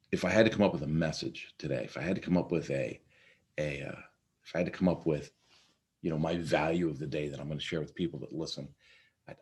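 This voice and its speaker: A man's voice: rumbling low, darkish tone, slightly rough. A man hosting a casual morning check-in, talking in a rambling, conversational way with lots of fillers and restarts. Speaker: podcast host.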